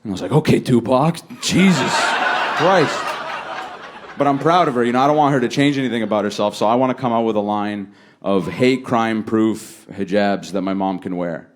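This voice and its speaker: A man doing a stand-up set on a comedy stage, talking in a laid-back way and jumping high and loud when he acts out other people. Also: fast, slight background noise. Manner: laid-back delivery, jumps high and loud for acted quotes. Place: comedy stage before a laughing audience.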